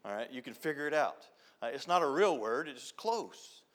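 A man's voice: mid-range voice, sing-song, normal speed. An older man giving an informal church talk, folksy and storytelling, often repeating a refrain. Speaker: youth director.

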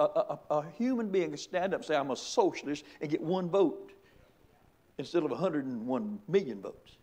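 A man's voice: a little high, expressive, moderate pace, darkish tone. A middle-aged man, a pastor preaching a sermon with emphatic, repeated rhetorical questions.

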